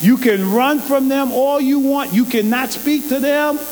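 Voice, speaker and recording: A man's voice: extremely high pitch, a little slow, a little mellow. A man preaching a sermon, emphatic and folksy, with loose colloquial grammar and call-and-response to the congregation. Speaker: pastor. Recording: long hall reverb with faint mains hum.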